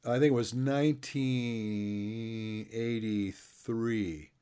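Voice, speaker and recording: A man's voice: medium pitch, fairly even intonation, drawn-out words, dark tone, clear, resonant tone. A middle-aged man interviewing a guest, chatty and fond of telling stories while laughing along. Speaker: interviewer and coach. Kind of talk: casual interview chat.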